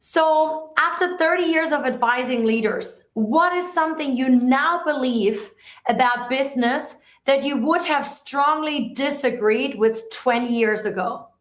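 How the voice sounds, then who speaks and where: A woman's voice: high-pitched, measured pace. A woman from Germany hosting an interview, asking questions in an encouraging way, with some hesitant fillers. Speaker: interview host. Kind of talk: conversational interview. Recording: echoey room.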